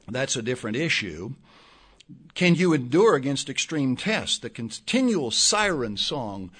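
An older man preaching a sermon to his congregation, moving between quiet, reflective asides and loud, emphatic outbursts, often repeating words as he builds a point. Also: husky. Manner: impassioned, swings from low asides to loud emphatic peaks. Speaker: pastor.

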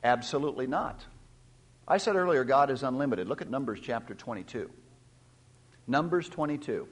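Animated man preaching a sermon. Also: medium pitch, moderate pace, breathy edge. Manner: emphatic preaching that swells loud on key points; teacherly, asks the listeners questions. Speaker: pastor.

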